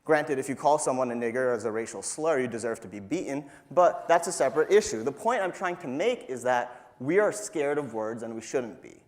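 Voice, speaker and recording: A man's voice: medium pitch, animated, fairly quick, hardly any pauses. A young man from New York giving a live stage talk to an audience, punchy and emphatic with a playful, profane edge. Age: young adult. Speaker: student speaker.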